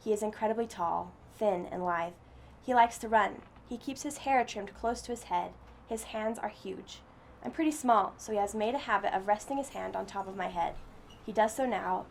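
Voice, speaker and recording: A woman reads a first-person story aloud, steady and earnest. Her voice sits at a middle pitch with a gravelly texture, and there is a faint noise behind it. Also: moderate pace. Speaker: story reader.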